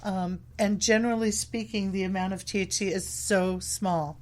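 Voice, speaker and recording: A woman's voice: mid-range voice, steady tone, normal speed, darkish tone. A woman guest on a talk show, speaking casually and hesitantly with many ums and uhs. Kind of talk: casual chat.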